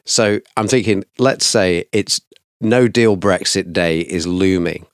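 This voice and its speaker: A man's voice: sits low, steady tone, slow, clean tone, dry recording, clean studio sound. A man, co-hosting a podcast and putting thoughtful hypotheticals to a guest. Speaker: podcast co-host. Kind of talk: interview questions.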